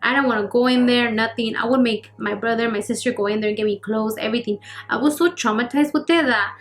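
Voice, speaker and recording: A young woman vlogger telling a personal story in casual, rapid speech full of fillers and quoted dialogue. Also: fairly high pitch, slight background noise. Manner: rapid, filler-heavy retelling with acted quotes. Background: faint background music.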